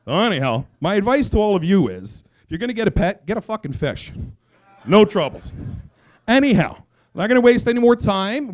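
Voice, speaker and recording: Brief: male comedy host, high voice, animated stand-up storyteller with a sarcastic edge. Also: fairly quick. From raised by Italian parents.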